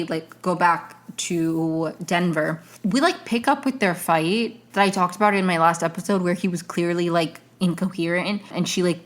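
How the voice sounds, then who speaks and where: A woman hosting her own podcast, giving rambling, exasperated commentary full of fillers and restarts. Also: fairly low pitch. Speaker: podcast host. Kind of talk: casual solo commentary.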